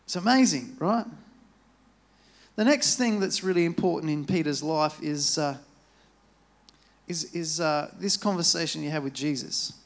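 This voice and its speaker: Speaking a little slowly and pausing often, a preacher with a slightly high voice addresses a church through a microphone. The sermon is a relaxed, chatty retelling in which he performs the quotes.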